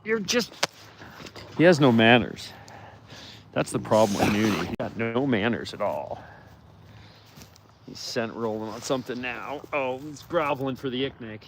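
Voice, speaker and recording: Over a noisy background, a medium-pitched man speaks at a moderate pace with long pauses. He's a wolf sanctuary caretaker walking among the wolves in their outdoor enclosure, chatting casually and affectionately, cooing at them, and fielding viewer questions live.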